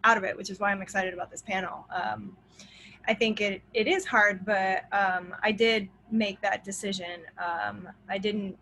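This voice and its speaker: A woman's voice: medium pitch, steady tone, moderate pace, sharp tone, low-quality recording. A pregnant woman in her thirties, speaking candidly as a panelist on a video call. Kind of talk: casual panel talk.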